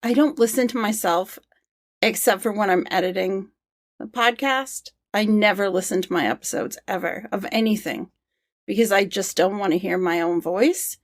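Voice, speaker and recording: A woman's voice: medium pitch, normal speed, no room sound, clean studio sound. Woman with a New England accent. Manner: self-conscious and soft-spoken. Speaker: podcast co-host. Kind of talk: casual chat.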